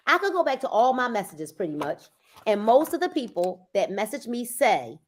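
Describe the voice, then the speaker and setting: Animated, emphatic woman sales coach. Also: a little high, normal speed. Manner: emphatic, repeats phrases for effect; bursts into loud urging at times. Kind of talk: casual motivational talk.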